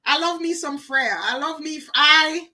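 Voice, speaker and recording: A woman's voice: sits high, normal speed, heavy background noise. A woman doing a live oracle card reading, chatty, talking to viewers by name and repeating phrases for emphasis.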